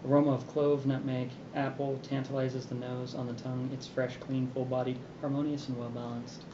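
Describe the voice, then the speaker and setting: A man hosting a beer review show in casual chat, relaxed and rambling with many fillers. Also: mid-range voice, a little fast. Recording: roomy, dull sound with background noise.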